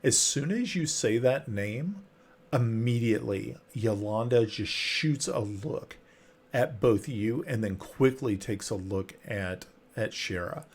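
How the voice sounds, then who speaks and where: A man narrating a tabletop role-playing game as game master, halting with fillers and restarts. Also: medium pitch, animated, slightly rough.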